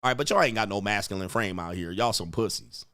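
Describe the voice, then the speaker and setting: A man hosting an online show in a loud, mocking, profane ranting style, swinging into high shouted tirades. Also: lively intonation, fast, no room sound, studio quality. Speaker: online dating coach and host.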